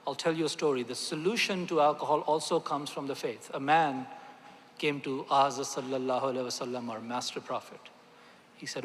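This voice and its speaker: A man's voice: fairly high pitch, fast talker, slight background noise. A man, a doctor, giving an earnest, emphatic speech at a religious convention, speaking directly to the audience. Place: large convention hall. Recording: long hall reverb.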